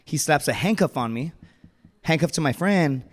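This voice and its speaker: On stage in a reverberant hall, a man in his thirties tells a true personal story, casual and joking, with slangy asides and chuckles. His voice is fairly high-pitched and animated, at a moderate pace.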